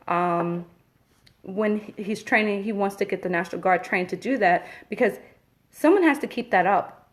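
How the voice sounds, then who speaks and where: A woman from Queens, talking casually through a live-stream update and getting emphatic and indignant when she disagrees. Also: medium pitch. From Queens, New York. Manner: chatty, emphatic, breaks into an indignant rant. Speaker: Facebook Live host.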